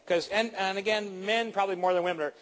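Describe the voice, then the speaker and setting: A man's voice: sits high, quick pace. A middle-aged man teaching presentation skills in a live seminar, playfully acting out examples for his audience. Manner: animated, playful, acts out examples.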